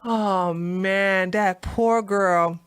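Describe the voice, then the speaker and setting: A woman's voice: mid-range voice, steady tone, extremely slow, smooth, dry recording, studio quality. A woman ranting on a casual political live stream, blunt, profane and mocking, who often repeats herself. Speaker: political commentator on a debate stream.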